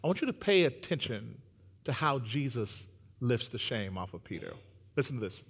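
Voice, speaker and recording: A man preaching a sermon, joking with the congregation and building to loud, sung-out emphasis. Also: mid-range voice, moderate pace, gravelly, slightly rough, big-room sound. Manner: humorous, animated, builds to shouting.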